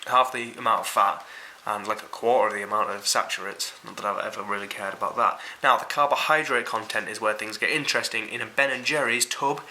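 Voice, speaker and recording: A man's voice: fairly low pitch, pushed and bright, slight background noise, poor audio. A young man with a Yorkshire accent giving a casual, rambling and sweary food review to camera. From Yorkshire, England.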